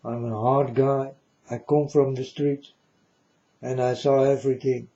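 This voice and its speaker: Addressing viewers, a man gives a preachy monologue in broken, non-native English, emphatic and repetitive, often asking whether the listener understands. His mid-range voice is level and mellow at a measured pace, and the audio sounds dull.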